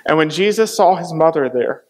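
A man's voice: on the high side, expressive, moderate pace. A man preaching a sermon, dramatically retelling a scripture passage and acting out the voices in it. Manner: dramatic, acts out the quoted voices.

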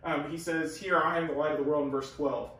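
A man's voice: a little high, steady tone, brisk, a bit bright. A man teaching the Bible in a casual, earnest way, explaining and leaning hard on key words. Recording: very echoey room, far from the mic.

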